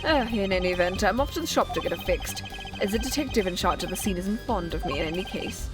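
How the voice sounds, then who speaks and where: Woman doing a smooth flirty german-accent rockstar prosecutor, cocky, game music behind. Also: mid-range voice, expressive, fast, lightly acted. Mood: smug. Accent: put-on German.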